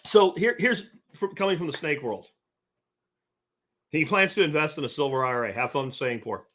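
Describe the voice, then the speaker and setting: A man's voice: fairly high pitch, normal speed, bright, forceful tone. A man hosting a livestream podcast, reading chat comments aloud and answering them in a blunt, profane rant. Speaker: podcast host.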